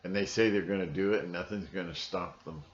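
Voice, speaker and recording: A man's voice: deep voice, fairly quick. A man vlogging at home in a rambling monologue, with frequent restarts and a conspiratorial tone. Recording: roomy, dull lo-fi sound.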